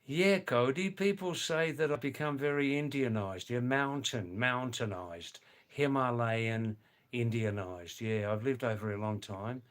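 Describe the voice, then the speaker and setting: A man in his seventies with a mild Australian accent, hosting a casual livestream and answering viewer comments in a musing, unhurried way. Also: medium pitch. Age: 70s. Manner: unhurried, musing, pauses to address viewers by name. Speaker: livestream host. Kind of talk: casual live chat reading viewer comments.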